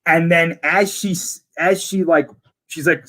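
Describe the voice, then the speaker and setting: A man's voice: a little high, fairly even intonation, unhurried, bright, forceful tone. A man in casual conversation, eagerly retelling scenes from a series in detail. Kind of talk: casual chat.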